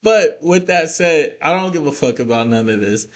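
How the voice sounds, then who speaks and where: A man's voice: fairly high pitch, moderate pace. A man recapping a wrestling show in a casual vlog, cursing freely and breaking into heated rants. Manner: profane, ranting, animated asides.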